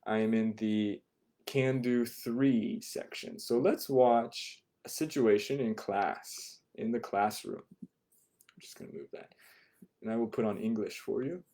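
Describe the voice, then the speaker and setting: A man's voice: mid-range voice, warm tone. A man teaching a beginner language class online, explaining phrases patiently and often checking in with "right?". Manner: repeats phrases slowly for learners.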